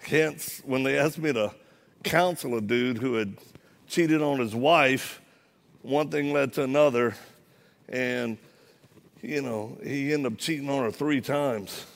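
A man preaching in a church with a gravelly, creaky edge to his voice. He tells stories with humor and acts out the voices of the people in them. His pitch sits in the ordinary middle range for a man. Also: slow pace. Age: adult, former Marine. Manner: humorous, animated storytelling with acted-out dialogue. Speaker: guest preacher. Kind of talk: storytelling sermon. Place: church, live audience.

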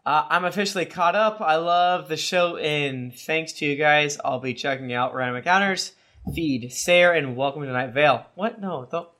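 A man's voice: on the high side, normal speed, bright, forceful tone. A man co-hosting a podcast, reading listener reviews aloud with a joking, mock-serious delivery. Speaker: podcast co-host.

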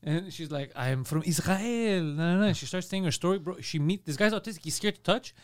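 A man's voice: high-pitched, quick pace. A man with a Quebec accent, co-hosting a casual comedy podcast, telling stories with lots of swearing and acted-out quotes. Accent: Canadian (Quebec). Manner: animated storytelling, acts out quotes, swears a lot. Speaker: podcast co-host. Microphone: studio headphones and mic.

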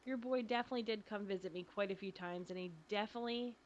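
A woman's voice: mid-range voice, quick pace, highs cut off, slight background noise. Giggly young woman co-hosting a podcast. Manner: giggly, rambling with frequent ums. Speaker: podcast co-host. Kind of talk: casual chat.

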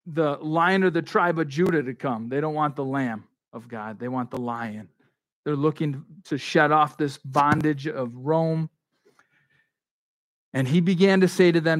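A male pastor preaching a sermon in a conversational way, slipping into quick voices for the people in the story. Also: a little high.

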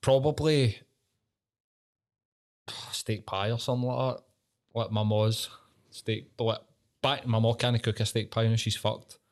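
A man's voice: medium pitch, steady tone, measured pace, pauses often. A Scottish man hosting a podcast, all casual chat. He swears freely, riffs and banters, and breaks into laughter often. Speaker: podcast host.

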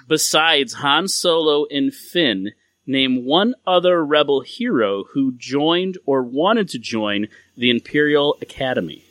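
Slow, bright-voiced male quiz host. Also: a little high, lively intonation, no echo. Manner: slow, deliberate question reading. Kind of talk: casual game-show chat.

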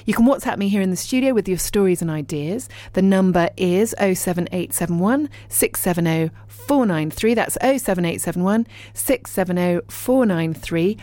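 A woman's voice: on the low side, animated, normal speed, few pauses, no room sound. Bubbly woman presenting local radio. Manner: bubbly, chatty, warm asides. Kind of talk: chatty local radio show. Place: radio studio. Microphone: studio microphone.

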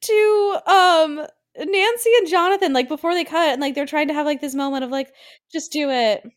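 A woman co-hosting a podcast, joking her way through a casual recap of a TV show. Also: sits high. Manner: playful, jokey, quick asides. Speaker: podcast co-host.

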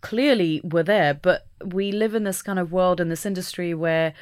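A woman speaking as an interview guest, talking openly and reflectively, with the odd soft laugh. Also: on the low side, normal speed, clean tone, no echo, clean studio sound. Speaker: podcast guest. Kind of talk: candid conversational interview.

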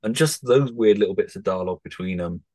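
A man's voice: fairly low pitch, fast talker, darkish tone, no echo. A man hosting a podcast, chatting casually about a film, laid-back and given to swearing. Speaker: podcast host.

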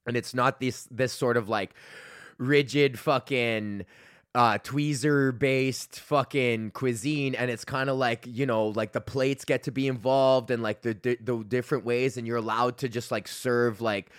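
A man's voice: medium pitch, steady tone, unhurried, no room sound, clean studio sound. Profane rambling male podcast host. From Alberta, Canada. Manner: profane, laughs often, trailing restarts. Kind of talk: casual rambling monologue.

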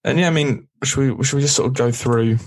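A man's voice: mid-range voice, a little fast. A man co-hosting a casual podcast, recapping an episode with a chatty, easygoing manner and frequent laughs. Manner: chatty, laughs often, does brief voices. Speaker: podcast co-host.

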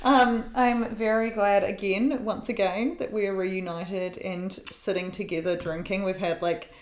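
A woman with a New Zealand accent co-hosting a podcast, talking in a relaxed way and laughing easily. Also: mid-range voice, unhurried. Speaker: podcast co-host, magazine editor. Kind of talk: casual chat. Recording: roomy echo.

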